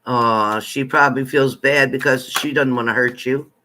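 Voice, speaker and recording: A man's voice: mid-range voice, fairly even intonation, moderate pace, sharp tone, a little hiss or hum. A man hosting a live tarot stream, chatting casually and greeting viewers by name with familiar terms like honey.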